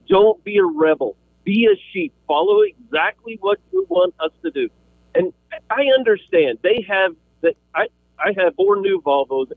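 Impassioned caller, husky and creaky, dry tinny phone audio. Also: male voice, sits high, no room sound. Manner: impassioned, repeats words while arguing. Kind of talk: call-in radio talk.

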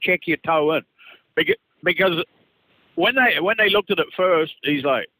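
A man's voice: fairly high pitch, expressive, moderate pace, sharp tone, dry recording, low-quality recording. A man calling in to a radio show, chatting and telling a long story, often repeating himself. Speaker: caller. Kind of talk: call-in conversation.

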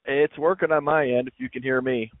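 A man's voice: medium pitch, fairly even intonation, dry recording. A man co-hosting a casual radio chat, laughing often and repeating himself as he talks. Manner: laughs often, halting and repetitive. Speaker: radio co-host. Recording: dry phone-line audio.

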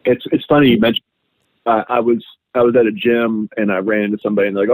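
A man's voice: lowish voice, flat delivery, quick pace, no room sound. A man, a farmer guest on a podcast, chatting casually and rambling with lots of filler words. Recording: phone-like narrow sound.

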